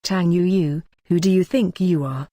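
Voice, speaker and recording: A woman's voice: on the low side, moderate pace, mellow, no echo, studio quality, natural voice. A woman reading the lines of a spiteful, boastful young female celebrity in an audio novel. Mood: scornful. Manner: scornful, boastful.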